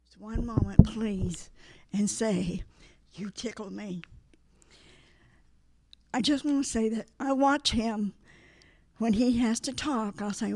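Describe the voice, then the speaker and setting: A woman's voice: on the high side, normal speed, darkish tone, no echo. A woman telling a fond story about her husband in a chatty way, then leading the church offering and a spoken blessing. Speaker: minister's wife leading offering. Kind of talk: casual church remarks and offertory. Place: church sanctuary.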